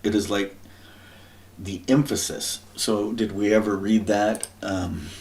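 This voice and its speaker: A man thinking aloud through a scripture and word study, often clearing his throat. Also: fairly low pitch, flat delivery, slow, darkish tone. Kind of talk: musing scripture study talk.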